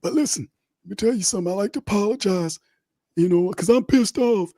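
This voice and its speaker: A man's voice: high voice, brisk, warm tone, no room sound, clean studio sound, voice pushed up. A man doing a mocking impression of an exasperated football head coach who rambles through a press talk full of fillers. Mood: defensive.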